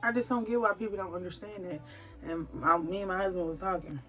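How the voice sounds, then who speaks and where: A pregnant woman and mother of a big family, talking to camera about faith in an emphatic, animated, storytelling way. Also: fairly low pitch, fast talker, soft background music. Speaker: vlogger, mother of a large family. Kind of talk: candid faith-filled personal talk to camera.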